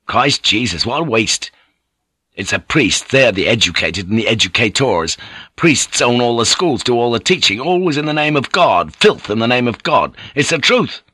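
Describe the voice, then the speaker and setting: Audiobook figure: man doing an enraged seafarer, forceful, dry sound. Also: mid-range voice, sing-song, moderate pace, husky, no echo, full character voice. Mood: bitter. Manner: raging outbursts, emphatic. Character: English sailor, angry and passionate.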